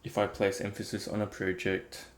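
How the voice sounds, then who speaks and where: A man's voice: sits low, completely flat delivery, moderate pace. A man thinking aloud in a casual, reflective talk about meditation, rambling with many fillers. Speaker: meditation vlogger.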